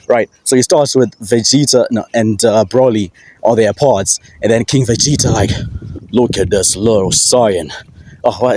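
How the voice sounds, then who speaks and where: A man's voice: medium pitch, darkish tone, no room sound. A young man from Africa ranting casually about wrestling, rambling, swearing and laughing often. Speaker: wrestling commentator vlogger. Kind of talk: casual solo rant.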